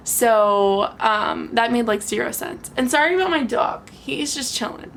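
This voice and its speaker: A young woman in her twenties talking casually and frankly to the camera at home, animated and laughing often. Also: fairly high pitch, slight background noise. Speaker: vlogger.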